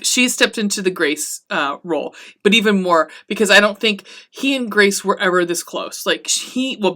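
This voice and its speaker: A woman hosting a podcast, recapping a TV episode in casual, profane chat and acting out the characters' lines. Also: medium pitch. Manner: chatty and excitable, swearing often, acting out the characters' lines.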